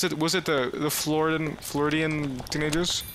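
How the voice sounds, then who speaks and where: A man giving casual let's play commentary, chatting to game characters and yelping and shouting when something startles him. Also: on the high side, normal speed, few pauses, background noise. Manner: excitable, yelps and shouts at scares. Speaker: gaming video creator.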